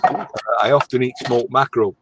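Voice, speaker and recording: A man's voice: medium pitch, steady tone, a little fast, fairly bright tone, a little hiss or hum, low-quality recording. A man chatting casually in a workshop, telling crude jokes with his co-hosts. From Ireland. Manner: joking, crude banter. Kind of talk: casual chat. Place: office workshop.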